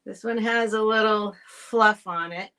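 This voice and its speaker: Slow-talking woman hosting a live stream. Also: mid-range voice, steady tone, sharp tone, smooth. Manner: chatty, rambling, restarts sentences, speaks to viewers directly. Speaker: host selling vintage items on a live stream. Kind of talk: casual live sale chat. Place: home streaming setup, talking to a camera.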